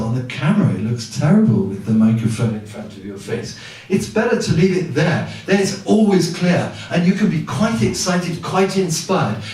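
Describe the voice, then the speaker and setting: A man presenting a seminar to a live audience, speaking into a microphone through loudspeakers. He has a naturally quiet voice and acts out his anecdotes with sound effects. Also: medium pitch. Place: large hall with loudspeakers. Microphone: microphone at ten centimeters, through a PA. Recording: very echoey hall, distant from the camera.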